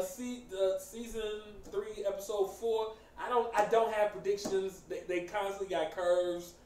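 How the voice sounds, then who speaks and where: A man hosting a casual chat, animated and joking, often breaking into laughter. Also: high voice. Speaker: host. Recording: echoey room, faint background noise.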